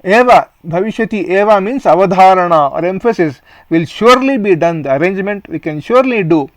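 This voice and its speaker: A male teacher with an Indian English accent works slowly through a Sanskrit textbook play, reading each phrase and then glossing it in English. His voice is fairly high for a man. The recording is close and dry, with no room echo. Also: lively intonation.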